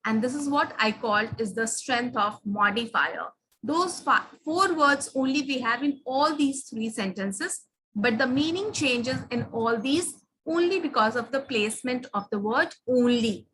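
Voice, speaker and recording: A woman's voice: a little high, animated, a little slow, a bit bright, a little hiss or hum, low-quality recording. A woman teaching grammar to students, patient and questioning, stressing key words.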